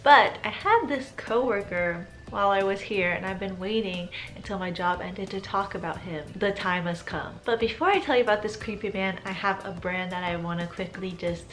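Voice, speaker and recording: A woman's voice: mid-range voice, normal speed, few pauses, fairly bright tone. A twenty-year-old woman telling a story on her vlog in a casual, sarcastic way. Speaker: YouTuber.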